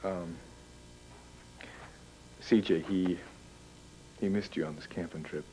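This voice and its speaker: A deep-voiced easygoing dad. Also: male voice, fairly even intonation, slow, dark tone, a little hiss or hum, rough recording. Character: easygoing man, a producer and father. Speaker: soap opera character.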